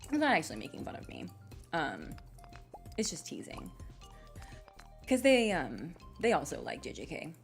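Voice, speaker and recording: A woman's voice: deep voice, wildly swooping pitch, normal speed, vocal fry, long pauses, faint music behind. A young adult woman giving casual, rambling commentary while playing a game, often laughing at herself. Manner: giggly, rambling, self-deprecating. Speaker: gaming streamer.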